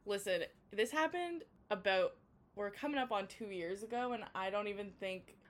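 A woman's voice: mid-range voice, normal speed. A young woman from Canada co-hosting a laid-back podcast. She tells stories in a playful way and drops swear words casually. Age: young adult. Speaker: podcast co-host. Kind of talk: casual chat.

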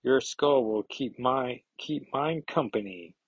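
A man's voice: mid-range voice, slow pace, husky, no echo, highs cut off. A man doing a taunting creepy custodian villain. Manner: mocking, taunting, calls victim dearie and hun.

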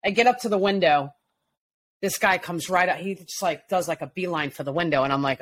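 A woman from Long Island co-hosting a casual talk show, telling stories in a lively way and acting out what people said. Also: fairly low pitch, fast talker. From Long Island, New York. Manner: animated storyteller, acts out quotes. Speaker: podcast co-host. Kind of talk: casual chat.

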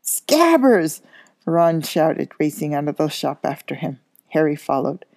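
A woman reads a children's novel aloud at a steady pace. Her voice is very low, dark and gravelly. She sometimes trips on a word and corrects herself, and the sound is dry and close. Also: normal speed, no room sound. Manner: steady reading with small slips and corrections. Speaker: school coach reading aloud.

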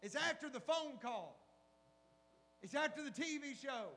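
A middle-aged man preaches in a very high voice for a man, animated, firing rhetorical questions at his listeners. His voice rings out with a long hall reverb. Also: a little slow. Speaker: pastor. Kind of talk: sermon.

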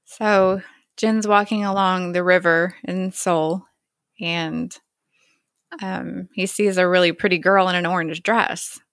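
A woman's voice: fairly low pitch, fairly even intonation, takes it slowly, fairly bright tone, no room sound. A woman co-hosting a casual chat, retelling a TV episode scene by scene and quoting the characters in her own voice. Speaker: podcast co-host.

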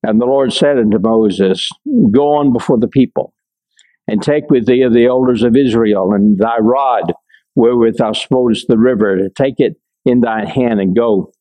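An older man giving a conversational Bible lesson, reading scripture aloud and breaking off to explain it, with frequent pauses and check-ins with his listeners. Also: medium pitch, mellow, low-quality recording. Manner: many fillers and restarts, checks in with listeners. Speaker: Bible teacher.

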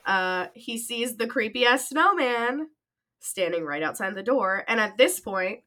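Bright-voiced woman casually recapping a film. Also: on the high side, expressive, measured pace. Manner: chatty, filler-heavy recap. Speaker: podcast co-host. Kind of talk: casual movie recap chat.

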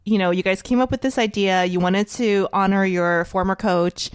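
A woman's voice: mid-range voice, fairly even intonation, moderate pace, clean tone, no room sound, clean studio sound. A woman comedian hosting a casual interview, chatty and joking, teasing her guest. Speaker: host, comedian.

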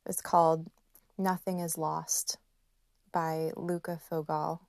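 A woman in her thirties hosting a podcast, speaking in a slow, gentle and emotional personal reflection with soft laughs. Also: deep voice, flat delivery, creaky, no room sound, studio quality. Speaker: podcast host.

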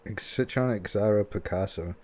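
Low-voiced man hosting a giggly, rambling reaction video. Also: normal speed, a little mellow. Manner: laughs often, rambling with fillers. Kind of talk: casual commentary on a clip.

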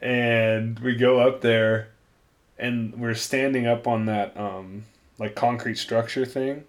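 A man's voice: medium pitch, fairly even intonation, slow pace. A young man hosting a podcast, chatting casually, laughing often and swearing freely as he tells stories. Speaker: podcast host.

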